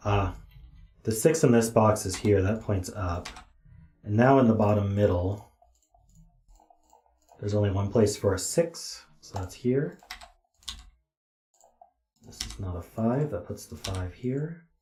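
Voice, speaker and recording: A tired man streams himself puzzling, with a deep, dark voice that mutters and counts digits half to himself. His voice sits in a roomy, echoey home room. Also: expressive, a little slow, long pauses. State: tired, yawning. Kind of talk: thinking aloud while solving.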